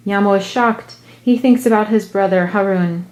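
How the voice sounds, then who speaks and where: A woman reading a picture book aloud, narrating slowly and deliberately in a soft voice. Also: mid-range voice. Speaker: storyteller.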